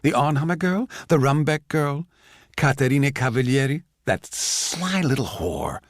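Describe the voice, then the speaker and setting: A man voicing a saucy, quick-tempered young wife with a brash, cheeky manner. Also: expressive, no room sound, studio quality. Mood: furious. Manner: brash, cheeky, shrill when angry.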